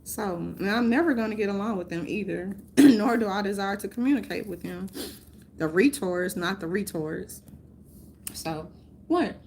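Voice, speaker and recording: A woman's voice: medium pitch, moderate pace, a little mellow, slight background noise. A woman ranting casually to her viewers, rambling and profane, often breaking into laughter. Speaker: vlogger.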